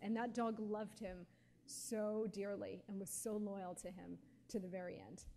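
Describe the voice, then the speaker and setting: A woman in her forties, a guest speaker telling stories at a live question-and-answer session, animated and laughing often with lots of casual fillers. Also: mid-range voice, unhurried, creaky, a little hiss or hum. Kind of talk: storytelling at a live Q&A.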